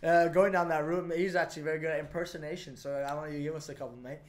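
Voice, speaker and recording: A man's voice: on the high side, steady tone, racing, crowd noise. A man hosting a casual podcast interview, eager and affirming, swearing casually. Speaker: podcast host.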